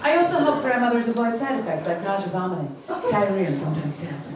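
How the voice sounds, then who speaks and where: A woman's voice: medium pitch, quick pace. Long Island woman doing stand-up. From Long Island, New York. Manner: deadpan one-liners, chatting with the crowd. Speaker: stand-up comedian. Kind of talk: stand-up set. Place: comedy club. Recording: echoey club from far off, noisy. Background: audience laughter.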